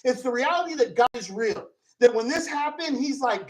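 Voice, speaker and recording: A man's voice: very high voice, animated, normal speed, poor audio. A man hosting a vlog who rants angrily and profanely, repeating himself as he argues. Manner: angry, profane, repetitive ranting. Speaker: video host. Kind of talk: profane ranting vlog commentary.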